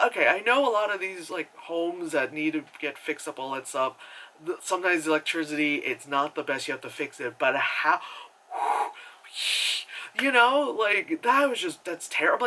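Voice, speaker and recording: A man rambles through a movie recap in a casual review vlog, sarcastic and loose with the swearing. His voice sits a little high, with a bright, sharp edge. He leans on endless fillers and restarts as he goes. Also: expressive, moderate pace, slight background noise, low-quality recording.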